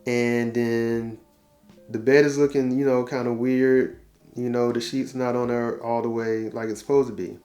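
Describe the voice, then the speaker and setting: 40s guy telling a story about home life, casual and chatty, quotes everybody, soft guitar music in the back. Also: medium pitch, moderate pace. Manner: animated storyteller, quotes dialogue, laughs at himself; conversational, uses slang and repetition. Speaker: relationship talk host. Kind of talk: casual storytelling advice talk.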